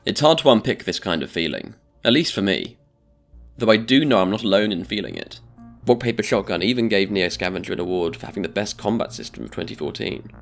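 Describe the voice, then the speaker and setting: A man giving a scripted video-essay narration in a measured, deliberate way. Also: on the low side, big pitch swings, vocal fry, soft background music.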